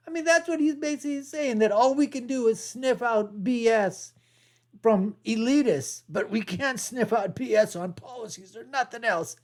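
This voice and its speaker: A man's voice: sits high, unhurried, a little mellow. Chatty laughing man reacting to a clip. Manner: chatty, laughs often, mocking asides. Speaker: reaction video host. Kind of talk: casual reaction commentary.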